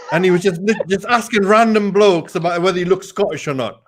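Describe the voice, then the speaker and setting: A man tells a story in a casual chat with lively energy and a slightly raised pitch. He keeps tacking yeah onto his phrases. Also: a little fast. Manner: lively anecdote telling, with frequent yeah tags.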